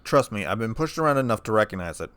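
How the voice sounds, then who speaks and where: Cocky young human hero in a fan story reading, dry and sarcastic, in the reader's own voice. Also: male voice, lowish voice, very animated, quick pace, a bit bright, clean tone, no echo. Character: laid-back, cocky young human man.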